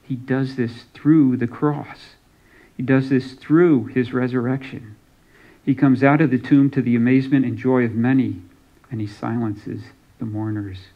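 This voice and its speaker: A man's voice: medium pitch, fairly even intonation, a little slow, lo-fi sound. A man preaching a sermon as pastor, reading scripture aloud and giving some lines dramatic emphasis.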